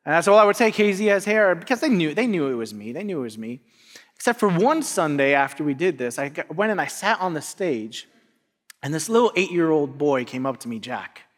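Bright-voiced man preaching in an echoing church. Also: brisk. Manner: animated storyteller, voice rising high for the climax. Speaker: pastor. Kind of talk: storytelling sermon. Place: church sanctuary. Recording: long reverb of a church hall.

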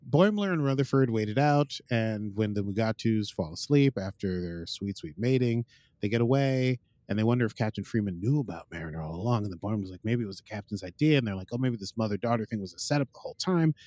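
A man's voice: fairly low pitch, animated, fast talker, dark tone, no room sound. A man hosting a podcast, casually recapping an episode in a rambling way, full of uh and like, and quoting the characters as he goes. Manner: rambling, fills gaps with uh and like, quotes characters. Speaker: podcast host.

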